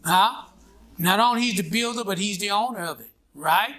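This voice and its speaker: Bright-voiced preacher calling out to his flock. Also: high voice, moderate pace. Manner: preaching with rhetorical "what?" and "huh?" prompts. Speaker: pastor. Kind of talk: call-and-response sermon. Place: church with a responding congregation.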